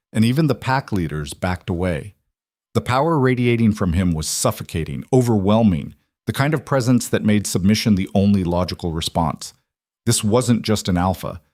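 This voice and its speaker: Guy reading a dramatic werewolf story, lowish voice, dry close mic. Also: lively intonation, normal speed, darkish tone, no echo. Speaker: narrator. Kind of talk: scripted story narration.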